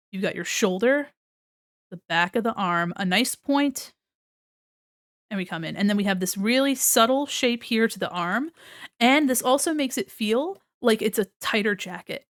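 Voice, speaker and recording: A woman live-streaming art critiques in a casual, chatty way. She swears casually and reads chat aloud as she draws. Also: fairly high pitch.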